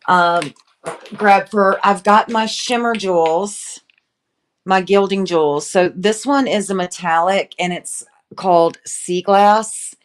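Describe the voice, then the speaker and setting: Slow, low-voiced woman painter. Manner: chatty, greets viewers by name. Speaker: furniture painting livestream host. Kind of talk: casual live demonstration.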